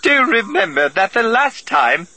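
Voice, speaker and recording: A man reading an audiobook voices a fussy, anxious male protocol droid with prim, overly formal speech and a breathy tone. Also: extremely high pitch, big pitch swings, measured pace, bright, forceful tone, voice pushed up, exaggerated voice. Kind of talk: audiobook narration.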